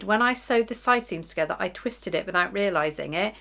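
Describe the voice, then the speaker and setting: A woman's voice: medium pitch, lively intonation, brisk, vocal fry, bright, forceful tone. A middle-aged woman chatting casually to camera about her sewing week, chatty and self-deprecating, often giggling. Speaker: sewing vlogger.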